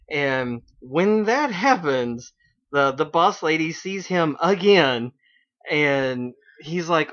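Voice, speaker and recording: A man's voice: a little high, a bit bright. A man hosting an internet radio show, casually recapping an anime episode in a rambling way with lots of fillers. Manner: rambling, with many fillers and quoted character lines. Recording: dull lo-fi online radio stream.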